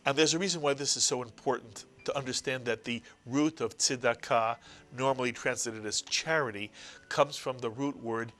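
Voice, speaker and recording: A man's voice: medium pitch, moderate pace, a bit bright. A middle-aged man teaching a language lesson, explaining patiently and repeating key words. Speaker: Hebrew teacher. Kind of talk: classroom-style language lesson.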